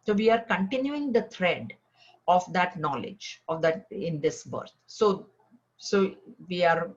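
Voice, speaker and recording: A woman teaching a spiritual scripture class, explaining verses and telling stories with lively acted quotes. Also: fairly low pitch, unhurried, muffled recording. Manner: storytelling with animated acted quotes.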